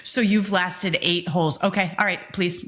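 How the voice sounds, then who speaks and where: Low-voiced, wry middle-aged woman. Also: steady tone, moderate pace, fairly bright tone. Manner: wry, teasing questions, playful self-mockery. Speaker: podcast co-host, former police chief. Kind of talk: casual podcast chat.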